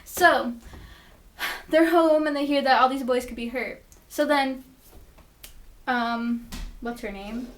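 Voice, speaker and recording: High-voiced gushing, swearing woman vlogger. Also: slow pace, long pauses. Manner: gushing and profane, lots of "like" fillers. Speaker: vlogger reviewing a TV episode. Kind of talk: casual chatty episode recap.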